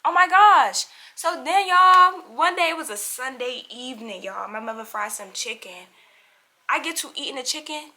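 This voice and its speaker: Young woman vlogger, bright high-ish voice, animated storytime delivery, talks straight to the viewers. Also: normal speed. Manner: acts out other people's lines in quotes. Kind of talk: storytime vlog.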